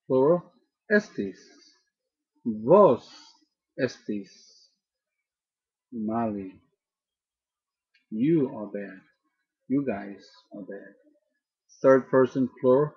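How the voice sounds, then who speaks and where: A man teaching a grammar lesson, repeating each word slowly to drill its pronunciation. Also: mid-range voice, husky, highs cut off. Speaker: language teacher. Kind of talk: slow spoken grammar lesson.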